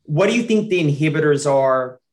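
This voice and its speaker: A man's voice: fairly high pitch, lively intonation, brisk, a little mellow. Chatty, enthusiastic male podcast host. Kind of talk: podcast intro and interview questions. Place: outdoors in a backyard.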